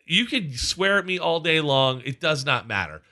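A podcast co-host with a voice on the high side tells a story at a moderate pace. He's casual and animated, acting out what people said.

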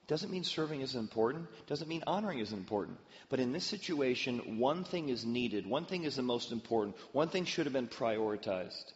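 A man's voice: medium pitch, normal speed, hardly any pauses, in a large hall, muffled recording. A man preaching a sermon, telling stories and sometimes acting out the voices of the people in them. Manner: storytelling with lively acted-out voices. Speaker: pastor.

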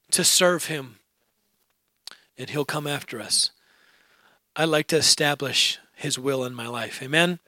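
Man, preacher, sermon testimony, high voice, dry close sound. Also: dry recording. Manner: animated, laughing, building to shouted praise. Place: church.

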